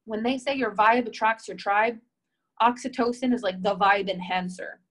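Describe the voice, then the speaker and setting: A relationship coach leads a group call, warmly encouraging her listeners and reading out members' comments. Her voice is mid-range and her pace moderate.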